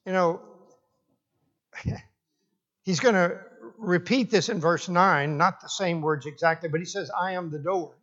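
Guy preaching a sermon real slow, leans on words, kinda muffled lo-fi sound. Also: high voice, fairly bright tone. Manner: slow, deliberate emphasis with repeated restarts.

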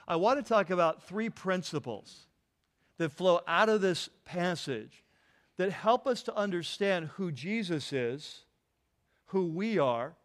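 A man's voice: sits high, fairly bright tone. A man preaching a sermon in an earnest way, often repeating words and asking the congregation to finish his sentences. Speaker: pastor.

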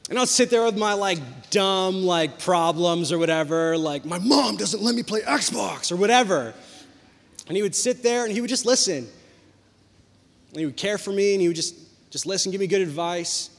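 A young man preaching a sermon, telling a personal story in a lively, conversational way. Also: high voice, normal speed. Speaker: pastor. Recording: long hall reverb.

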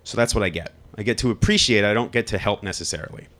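A man's voice: fairly low pitch, fast, a bit bright. A man from Long Island telling a personal story live, candid and wry, swearing freely. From Long Island, New York.

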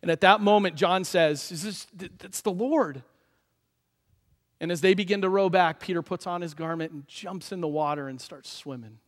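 A man preaching a sermon as a pastor, telling the story in a lively way and acting out the voices of the people in it. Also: sits high, a little fast, hardly any pauses, long reverb tail.

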